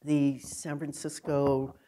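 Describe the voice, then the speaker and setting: A woman's voice: rumbling low, flat delivery, takes it slowly, background noise. An older woman from New York City, a poet being interviewed onstage, talking in a rambling, digressive way and laughing often. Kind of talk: recorded onstage conversation.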